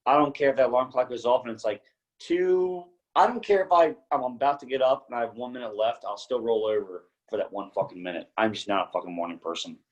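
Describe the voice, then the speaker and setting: A man chats on a podcast in a blunt, profane way. His voice sits in an ordinary middle register. He tells his stories with loose, lively energy. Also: medium pitch, fast talker, lo-fi sound. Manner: blunt, heavy swearing, lively storytelling. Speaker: podcast guest. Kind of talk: casual podcast chat.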